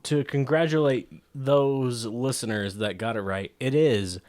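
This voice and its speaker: A man's voice: mid-range voice, a little slow, darkish tone, dry recording. A man co-hosting a casual movie podcast, explaining film camera work at length with many fillers and restarts. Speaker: podcast co-host.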